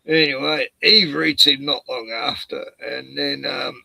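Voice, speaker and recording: Man, casual profane storytelling, bright gravelly voice, dry sound. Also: mid-range voice, steady tone, unhurried, dry recording, poor audio. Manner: profane, rambling, laughs at his own jokes.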